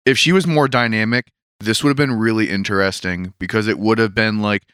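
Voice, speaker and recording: A man talking things over on a podcast in a reflective, hedging way. His voice is smooth and clear and sits mid-range, recorded dry and close. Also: on the low side, steady tone, fairly quick, a bit bright, dry recording. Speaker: podcast co-host. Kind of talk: casual chat discussing a manga.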